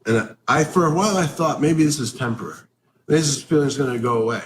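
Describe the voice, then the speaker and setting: Speaking quickly in a medium-pitched voice, an interview guest gives a frank, blunt answer about recovery, swearing freely. The room echoes, and there's faint noise in the background.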